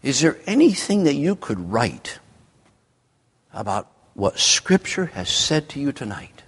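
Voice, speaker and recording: Slow, emphatic male preacher in a hall. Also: big pitch swings, fairly bright tone, husky. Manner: slow, emphatic delivery with sweeping pitch. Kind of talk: evening sermon.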